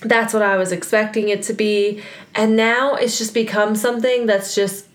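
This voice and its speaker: A woman's voice: mid-range voice, fairly even intonation, normal speed. Young woman, casual chat, chatty, filler-heavy, echoey room. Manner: chatty, laughing, frequent "like" fillers. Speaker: co-host. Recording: roomy echo.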